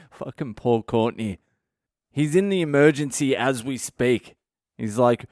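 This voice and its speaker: A man, a comedian hosting his own podcast, telling a comic story in a sweary, animated way and acting out the voices he quotes. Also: medium pitch, measured pace, dry recording, studio quality.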